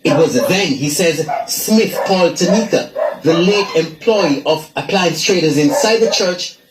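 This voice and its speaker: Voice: medium pitch, animated, over music. News reporter in an echoey room. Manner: measured, formal reporting. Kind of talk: scripted news narration.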